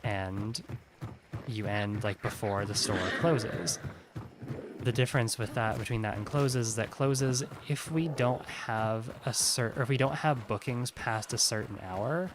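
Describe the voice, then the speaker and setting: Brief: drowsy male streamer, mid-pitched, loose rambling chat, constant yawns, faint hiss in the background. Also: measured pace. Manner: rambling, heavy use of "like". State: sleepy, yawning. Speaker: game streamer.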